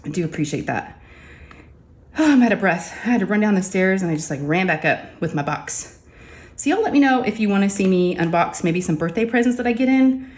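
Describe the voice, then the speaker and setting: A woman's voice: medium pitch, lively intonation, brisk, a little mellow. A woman, chatting casually and ramblingly to her viewers from her home craft room. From Texas. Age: 40s. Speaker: crafting vlogger.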